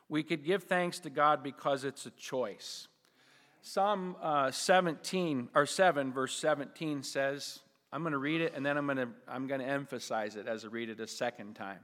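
A male pastor preaching a sermon, slowing down and leaning on key phrases for emphasis. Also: medium pitch, a bit bright, big-room sound.

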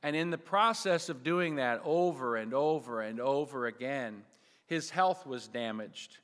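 A male pastor preaching a sermon, slowing down and leaning on key phrases for emphasis. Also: medium pitch, lively intonation, fairly bright tone, long reverb tail.

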